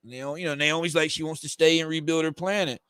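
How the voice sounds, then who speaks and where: A man reads a comic aloud on a livestream and comments as he goes. His delivery is casual, hesitant and full of fillers, and his voice sits a little high. The sound is dry and close. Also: fairly even intonation, fast, fairly bright tone, smooth, dry recording. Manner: rambling, hesitant, with fillers and self-corrections. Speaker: streamer reading a comic aloud.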